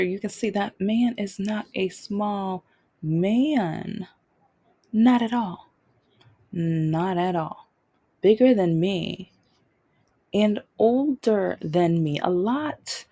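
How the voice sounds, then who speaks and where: A woman's voice: lowish voice, mellow. A young adult woman hosting her own show, telling a personal story off the cuff and repeating phrases for emphasis. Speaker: podcast host.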